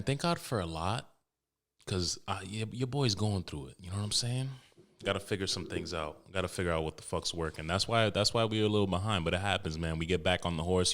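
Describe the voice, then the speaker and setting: A man's voice: sits low, a bit bright. A man hosting his own podcast solo, talking in a candid, rambling, joking way with plenty of profanity. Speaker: podcast host. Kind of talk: casual solo podcast talk.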